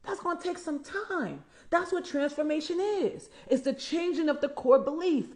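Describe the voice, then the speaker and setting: Emphatic high-voiced woman coach in her forties. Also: lively intonation, normal speed, a little mellow. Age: 40s. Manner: emphatic, repeats key lines, addresses listeners as y'all and honey. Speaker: empowerment coach. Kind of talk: motivational livestream talk.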